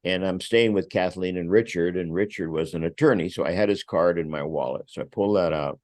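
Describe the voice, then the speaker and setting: Deep-voiced older man telling a story. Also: a little fast, no echo, clean studio sound. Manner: animated, acts out voices, swears freely. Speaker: guest, vineyard owner. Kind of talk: casual anecdote telling.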